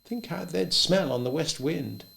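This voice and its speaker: Man reading as an eager pleading rancher guy, kinda higher voice, hopeful. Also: measured pace, creaky, a bit bright, heavily acted. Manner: earnest, pleading, raised pitch. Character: earnest grown male landowner, eager and pleading.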